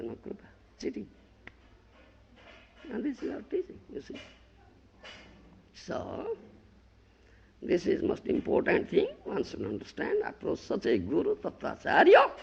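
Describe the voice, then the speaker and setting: A man preaches with a strongly gravelly, husky voice, jumping from loud emphatic bursts to near-murmurs. His pitch sits high and leaps wildly. The sound is a muffled, lo-fi old lecture tape. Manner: emphatic, swings from loud scolding to low murmur, repeats "You understand?". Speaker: guru giving a scripture lecture. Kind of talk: sermon. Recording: dull lo-fi 1990 lecture tape.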